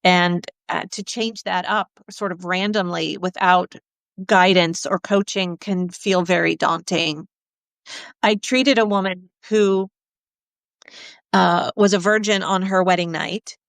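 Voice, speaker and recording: Woman therapist, middle-aged, candid storyteller, smooth clear voice, dry close sound. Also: on the low side, slow, dry recording. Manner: candid, animated storyteller acting out quotes. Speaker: sex therapist. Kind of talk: conversational storytelling.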